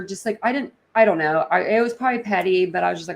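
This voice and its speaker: A woman hosting a casual livestream, talking in a rambling way with lots of fillers and quick laughs. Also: medium pitch, animated, creaky. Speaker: livestream host.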